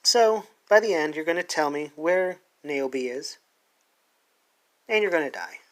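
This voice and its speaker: A man puts on a cruel torturer who crafts statues out of people, speaking slowly and with menace. His voice is bright and edged, and it sinks into a threatening hush. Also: a little high, animated. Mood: menacing. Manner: menacing, slow, drops to a whisper. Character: sadistic male torturer who sculpts flesh.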